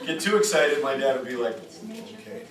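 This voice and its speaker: A man's voice: mid-range voice, fast, over a noisy crowd. A man giving an informal lecture to a retreat group, telling stories and checking in with "right?". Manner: animated, chatty, rhetorical "right?". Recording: echoey room, distant mic, faint hiss.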